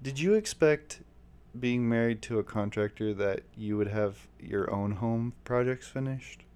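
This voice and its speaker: Male podcast host, thirties, smooth voice, playful teasing delivery, casual home chat. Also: medium pitch, a little slow, darkish tone.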